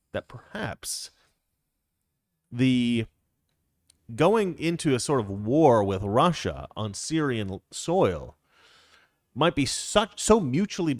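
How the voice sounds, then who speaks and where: This is a middle-aged man with a mid-range voice, hosting a relaxed political talk show. He wanders wryly through his points and keeps breaking off to begin sentences again. The recording is dry and studio-clean.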